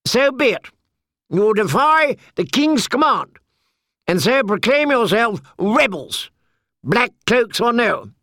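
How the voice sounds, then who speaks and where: A man's voice: very high voice, sing-song, takes it slowly, bright, forceful tone, voice pushed up, full character voice. A man voicing a languid, arrogant male knight who gives orders in a bored, lofty way. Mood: haughty.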